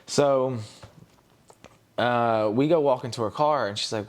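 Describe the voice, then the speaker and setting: Young man, gravelly voice, podcast guest, candid storytelling, quotes others. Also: medium pitch, moderate pace. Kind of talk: casual storytelling.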